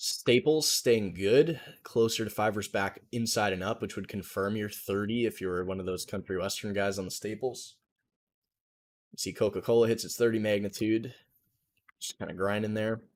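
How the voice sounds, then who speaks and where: A young man with a somewhat low voice runs a live trading stream from his desk. He talks loosely and thinks aloud, full of market jargon, into a desk mic. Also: fairly even intonation, normal speed. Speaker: trading livestream host. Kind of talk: casual live market commentary.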